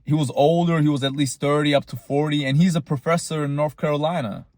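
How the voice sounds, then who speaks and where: A man's voice: a little high, steady tone, fast talker, darkish tone, no echo, clean studio sound. A young man, rambling casually in a boastful, tongue-in-cheek monologue. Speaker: vlogger.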